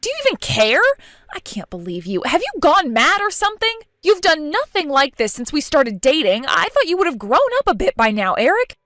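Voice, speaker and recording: A woman's voice: high-pitched, big pitch swings, a little fast, fairly bright tone, dry recording, studio quality. A woman voicing a humiliated young bride in an acted relationship story, indignant and accusing. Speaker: voice actor in a story video. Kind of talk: scripted voice acting. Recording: faint background music.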